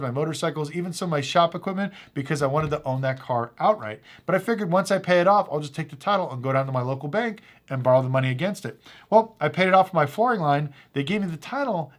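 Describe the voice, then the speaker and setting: A man who deals cars, casually telling a story to the camera and acting out both sides of the conversations. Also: fairly high pitch. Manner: animated anecdotal, acts out both sides of conversations. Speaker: car dealer and channel host.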